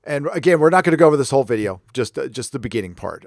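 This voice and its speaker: A man's voice: mid-range voice, expressive, racing, gravelly, darkish tone. An American man hosting a commentary livestream, blunt and ranting, swearing freely as he reacts to clips. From United States. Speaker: livestream host. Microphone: headphones on while talking into a desk mic.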